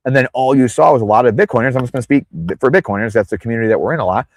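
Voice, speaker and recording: A man speaks rapid-fire in a mid-range voice, recorded with no echo, while guesting on a podcast in casual interview talk. He rambles on tangents and acts out the people he quotes in exaggerated voices.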